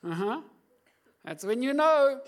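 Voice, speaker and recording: Male pastor, middle-aged, high-pitched, impassioned preaching that swells to emphatic peaks. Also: sing-song, takes it slowly. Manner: passionate, rising to emphatic outbursts. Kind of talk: sermon.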